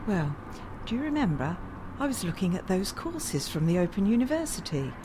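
An actress playing a middle-aged wife, defensive and determined. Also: female voice, mid-range voice, very animated, moderate pace, background noise, close to an everyday voice.

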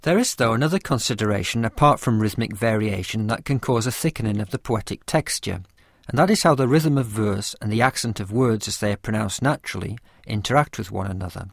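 A man reading a scripted lesson with a measured, careful explanatory delivery. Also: lowish voice, gravelly, no room sound, clean studio sound. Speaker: teacher of poetry. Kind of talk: scripted lecture narration.

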